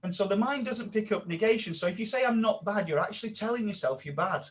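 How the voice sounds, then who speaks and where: A man with a slightly higher voice, talking as a mindset coach on a podcast. He speaks with animated energy and sinks to a hushed tone when he acts out someone's inner voice. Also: quick pace. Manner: animated, drops to a quiet voice when quoting self-talk. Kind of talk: casual podcast interview.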